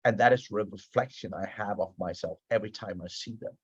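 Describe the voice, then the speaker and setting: A man's voice: on the low side, brisk, slightly rough, dry recording, muffled recording. A man, a management consultant, explaining his ideas in a casual interview, earnest and often repeating words as he starts a thought.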